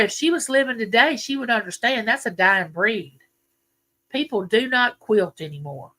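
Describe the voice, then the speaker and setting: An older woman with a drawl hosts a casual live chat, her folksy talk drifting between memories and viewers' comments. Her voice is bright and clear, pitched in a middle range. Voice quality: chatty, folksy, reminiscing. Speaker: livestream host.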